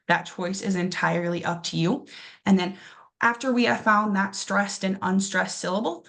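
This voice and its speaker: A young woman teaching an English lesson, talking with fillers and encouragement and slowly drawing out words to model their pronunciation. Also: fairly low pitch, creaky, fairly bright tone. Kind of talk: classroom lesson explaining pronunciation.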